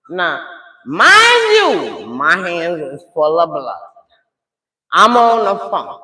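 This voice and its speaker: Older lady telling a wild story to her viewers, bright voice, echoey room. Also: on the low side, wildly swooping pitch, slow. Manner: dramatic, chatty, addresses viewers as y'all. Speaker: live streamer telling a story. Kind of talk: animated storytelling.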